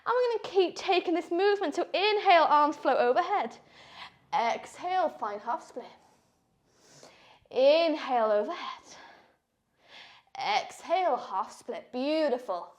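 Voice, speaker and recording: A woman with a very high voice guides a power yoga flow, calling each breath and pose. She talks slowly and sounds out of breath from moving along with the class. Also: expressive. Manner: encouraging cues, slow and breathy while moving. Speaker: yoga instructor.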